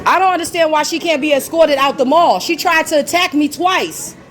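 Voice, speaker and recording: A woman's voice: high voice, a little fast, soft background music. A woman filming on her phone in a mall store, indignantly telling onlookers what happened to her. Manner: indignant, loud, talks to onlookers. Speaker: shopper filming a confrontation. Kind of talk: heated confrontation. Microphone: phone camera held by the speaker.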